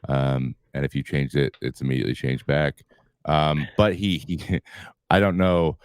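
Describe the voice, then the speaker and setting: A man in his thirties, a retired pitcher, telling loose clubhouse stories in an interview, with many restarts and chuckles. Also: flat delivery, measured pace, slight background noise. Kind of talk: casual storytelling interview.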